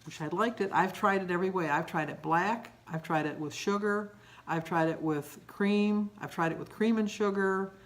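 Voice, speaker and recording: Talking at a normal speed in a lowish voice, this older woman rambles through a casual daily vlog. She's emotional and self-deprecating, with moments where she tears up.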